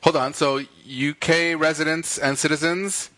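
A man's voice: fairly high pitch, unhurried, no echo. A man co-hosting a podcast, chatting casually and teasing his co-host with jokes. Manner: joking, teasing, animated. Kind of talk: casual chat.

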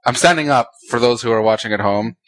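A man co-hosting a casual podcast, talking at an ordinary middle pitch for a man. He rants with mock outrage and slips in dry, sarcastic jokes. His delivery is loose and conversational. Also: fast talker, fairly bright tone. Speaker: podcast co-host. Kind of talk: casual comedic chat.

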